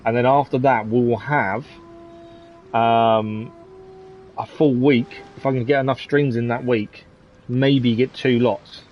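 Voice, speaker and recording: A man's voice: mid-range voice, fairly even intonation, takes it slowly, muffled recording, a little hiss or hum. A man commentating casually on a live game stream, chatty and chuckling often as he answers his chat.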